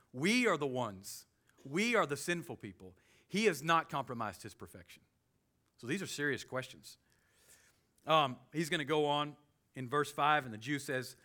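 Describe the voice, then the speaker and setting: A man's voice: fairly high pitch, bright, forceful tone. A man preaching a verse-by-verse sermon in a conversational, emphatic way, raising his voice when he quotes scripture. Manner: conversational, emphatic, quoting scripture with rising intensity. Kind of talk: expository sermon.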